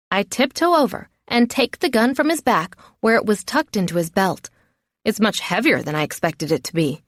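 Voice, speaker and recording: Expressive woman narrating an audiobook. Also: mid-range voice, normal speed, dry recording, studio quality. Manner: expressive, dramatic in the heroine's outbursts. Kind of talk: first-person audiobook narration.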